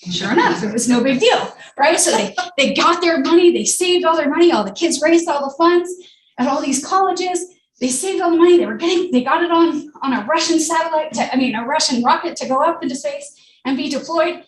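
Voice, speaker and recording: A woman speaking at a radio club meeting, telling stories in a lively way and acting out the people in them. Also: sits high, fairly quick. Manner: animated, acts out the people in her stories. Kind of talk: lively storytelling talk. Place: meeting room. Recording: roomy, distant mic with faint ambience.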